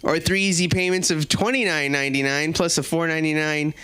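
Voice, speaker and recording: A man's voice: a little high, fairly even intonation, fairly quick, bright, forceful tone. A man doing a stand-up set in a small comedy club, self-deprecating and chatting with the crowd.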